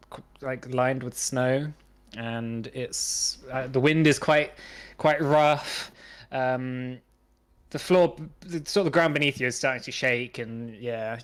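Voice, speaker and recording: A man narrating as game master of a tabletop game, hesitant, with many fillers and restarts. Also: medium pitch.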